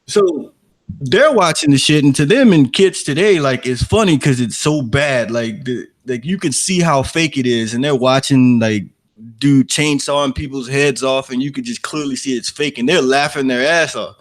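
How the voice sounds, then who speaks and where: A man in a middle-pitched voice rambles through a movie discussion with a friend. He talks in loose slang, and his sentences trail off and restart. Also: normal speed. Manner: slangy, rambling, says bruh and dog. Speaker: podcast co-host. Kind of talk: casual movie review chat.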